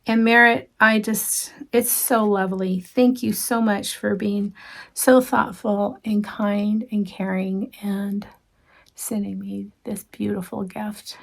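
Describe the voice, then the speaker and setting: Home craft vlogger, woman; unhurried, gravelly, gushing show-and-tell with soft asides. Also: mid-range voice, level tone. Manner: chatty, gushing, with frequent ums and soft asides. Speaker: cross-stitch vlogger. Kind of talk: casual show-and-tell chat.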